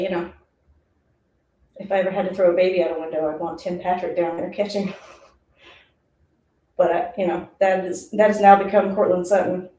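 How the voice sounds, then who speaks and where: A woman's voice: mid-range voice, warm tone, distant mic. Chatty woman streamer, roomy and off-mic. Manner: chatty, rambling, laughs often. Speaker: football reaction streamer. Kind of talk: casual live play-by-play reaction.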